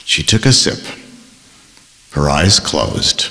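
A man narrates a literary novel in a fairly low voice. His delivery is expressive, with a wide, moving pitch. A long reverb trails each phrase. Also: slight background noise. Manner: measured, expressive reading. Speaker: audiobook narrator. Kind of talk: scripted narration.

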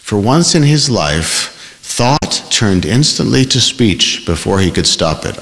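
A man narrates a literary novel in a fairly low voice. His delivery is expressive, with a wide, moving pitch. A long reverb trails each phrase. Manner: measured, expressive reading. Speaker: audiobook narrator. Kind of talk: scripted narration.

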